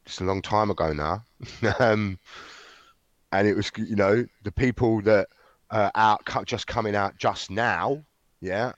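A man telling his story frankly in an interview, halting often with fillers and restarts. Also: low voice, no echo, muffled recording. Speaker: interview guest. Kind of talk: candid conversational storytelling.

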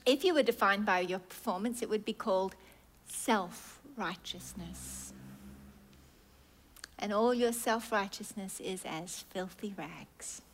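A woman pastor preaching a sermon, acting out prayers and God's replies as little dialogues, dropping to a hush and then rising loud. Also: mid-range voice, takes it slowly.

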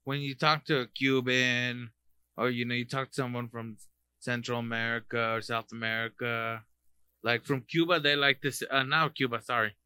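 A man's voice: mid-range voice, little pitch movement, normal speed, bright, forceful tone, clean tone. A man co-hosting a podcast in casual chat, loose, joking and profane. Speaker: podcast co-host.

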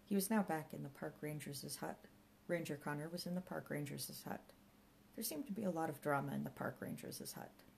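A woman narrating an audiobook in a measured storytelling manner. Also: low voice, vocal fry, a little hiss or hum, poor audio.

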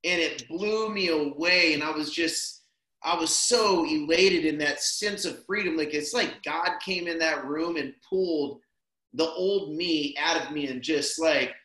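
A man's voice: a little high, measured pace. A man telling a personal story in casual, rambling conversation, tossing in "man" and "dude" as he goes. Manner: relaxed, rambling, peppers speech with "man" and "dude". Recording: roomy echo.

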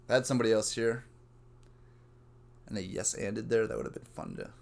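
Young guy doing a solo podcast, low-ish voice, rambles and cusses a lot. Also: expressive, fairly quick, vocal fry. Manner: meandering, casual, swears freely. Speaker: podcast host.

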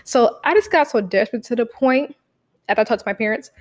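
A young woman casually telling a story, swearing freely and acting out what people said in lively bursts. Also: a little high, quick pace. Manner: animated, profane, acts out quotes.

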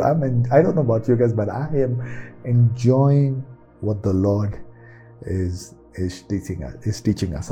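A man's voice: medium pitch, dark tone, breathy edge. A man preaching a sermon, repeating key phrases with emphatic, rising delivery.

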